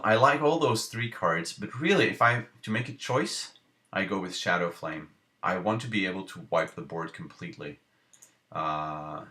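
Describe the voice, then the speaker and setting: A man streaming live, thinking aloud over card game picks with halting restarts and playful self-mocking jokes. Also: low-pitched, pushed and bright.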